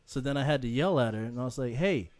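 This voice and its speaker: A man chatting casually on a group podcast, his voice sitting at an ordinary middle pitch. He tells his story in quoted asides and keeps breaking into laughter. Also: fairly even intonation, very fast, a little mellow. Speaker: podcast co-host.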